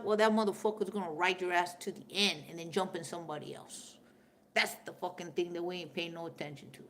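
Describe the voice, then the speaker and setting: Fiery, profane woman streamer. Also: mid-range voice. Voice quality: profane, fiery, swings from loud to hushed. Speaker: livestream host reading viewer comments. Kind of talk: casual spiritual livestream chat.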